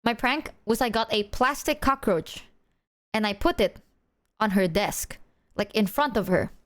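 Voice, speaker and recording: A woman's voice: on the high side, lively intonation, a little slow. A young woman streaming as a VTuber, chatting casually with viewers in a rambling, slangy, self-mocking way and laughing often.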